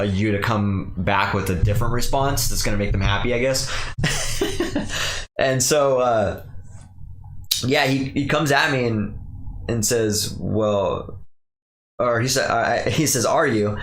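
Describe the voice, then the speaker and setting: Podcast host, young man, lowish voice, casual rambling rant, recorded in an echoey room. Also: moderate pace, a bit bright. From Pacific Northwest. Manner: casual, rambling, mimics other people's voices in quotes.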